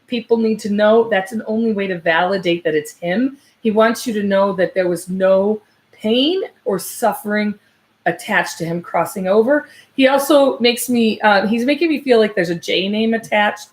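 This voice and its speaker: A woman working as a psychic medium, giving a live reading, hesitant and searching with many fillers and restarts, turning soft and slow when she passes on messages. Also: mid-range voice.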